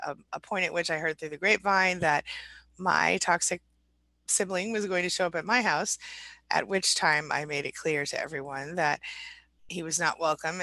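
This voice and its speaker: A middle-aged woman coach on a live stream, greeting viewers by name and reading out their comments in a warm, chatty way. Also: on the low side, vocal fry, no echo. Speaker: relationship recovery coach.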